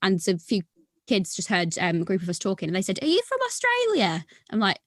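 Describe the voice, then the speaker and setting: A woman's voice: fairly low pitch, steady tone, fast talker, no echo, studio quality. A woman from Norfolk with a southern English accent, chatting as a podcast guest and telling stories with light laughs between points. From Norfolk, England. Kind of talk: casual podcast chat.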